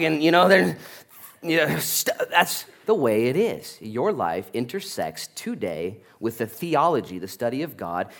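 A man preaching a sermon as a pastor, telling stories with lively, animated energy and acting out the people in them. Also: on the high side, gravelly. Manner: animated storytelling, acting out voices.

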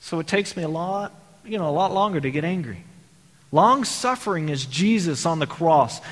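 A man's voice: fairly high pitch, lively intonation, moderate pace. A man from Texas preaching a sermon in a conversational way, asking the congregation rhetorical questions. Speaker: pastor. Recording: long hall reverb.

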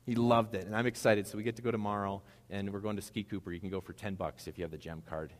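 A man's voice: fairly low pitch, fast. Man preaching in a reverberant church. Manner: conversational, animated preaching with asides. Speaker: pastor. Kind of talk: sermon. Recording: long hall reverb.

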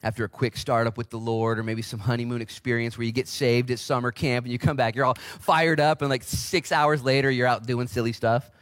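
A man in his forties preaching a casual, energetic sermon as pastor in a church, with big swings in pitch. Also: fairly quick, few pauses, no room sound, clean studio sound. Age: 40s.

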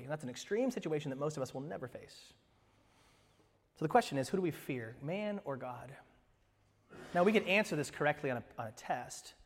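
A male pastor delivering a sermon, telling stories animatedly and swinging from hushed to loud. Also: a little high, slightly rough, long reverb tail.

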